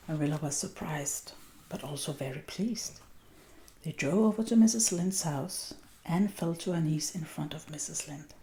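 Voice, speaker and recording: Danish-accented woman, ASMR read-aloud, gravelly low voice, faint background hiss. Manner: gentle, unhurried, often half-whispered. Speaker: reader.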